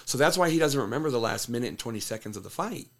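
A man's voice: mid-range voice, animated, rapid-fire, fairly bright tone. A man, a fighter and trainer, talking casually as an interview guest and telling stories loosely, with lots of "like" and restarts. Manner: loose storytelling with frequent "like" and restarts. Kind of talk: casual sit-down conversation.

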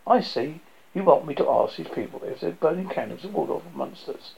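A man voicing a cautious, uneasy young backpacker, reading a script aloud in a husky, gravelly voice. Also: on the high side, animated, fairly quick, a little mellow, exaggerated voice. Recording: dull lo-fi recording.

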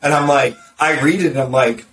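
A blunt, sarcastic man talks marketing in a loose podcast chat, tripping over quick restarts. He sounds set back from the mic in a roomy space. A faint background noise sits under his voice. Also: a little high, fairly even intonation, fairly bright tone, recorded from a distance. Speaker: marketer discussing content strategy. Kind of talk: casual podcast conversation.

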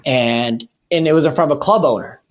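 A man's voice: a little high, fairly quick, slight background noise. A man, a stand-up comedian and podcast guest, talking candidly in a rambling, earnest way with many restarts. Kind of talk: candid casual chat.

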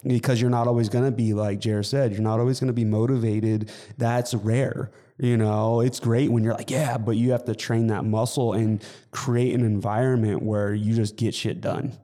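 A man's voice: mid-range voice, moderate pace, few pauses. A man co-hosting a casual podcast chat, talking loosely with lots of fillers. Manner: relaxed, loose, full of fillers like "like" and "you know". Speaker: podcast co-host.

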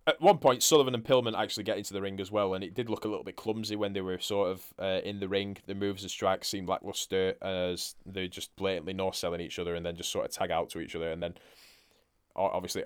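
A man's voice: low voice, clear, resonant tone. A man co-hosting a podcast, recapping a wrestling match in casual chat, laid-back and swearing freely. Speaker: podcast co-host.

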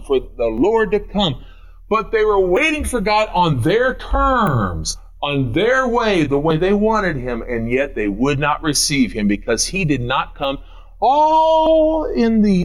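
A man preaching a sermon as pastor, emphatic and repetitive, swinging between loud declarations and hushed asides. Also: on the high side, low-quality recording. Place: church.

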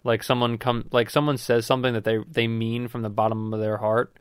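A man's voice: medium pitch, little pitch movement, fairly quick, clear, resonant tone, no room sound, studio quality. A young man hosting a casual chat, rambling and joking with frequent swearing and restarts. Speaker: host.

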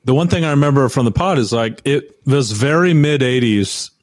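A man's voice: medium pitch, moderate pace, no room sound. A man speaking as a podcast guest in casual chat, wry and hesitant, often restarting his sentences.

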